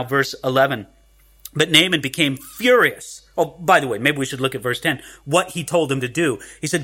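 A man preaching from the pulpit with a high, bright voice. He is animated, his pitch leaping up and dropping low as he acts out the lines he quotes, then turns back to explain the passage verse by verse. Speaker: pastor. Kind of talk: expository sermon.

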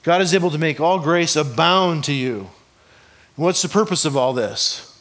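Man preaching a relaxed, joking sermon. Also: a little high, normal speed. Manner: conversational, joking, asks the congregation rhetorical questions. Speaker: pastor. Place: church hall before a congregation.

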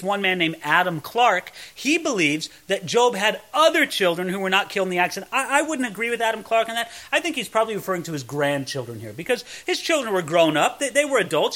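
A man teaches a Bible passage verse by verse in the manner of a pastor. His voice sits high and sounds bright and forward. He reads scripture with real feeling and acts out the pleas, often stammering as he starts a sentence.

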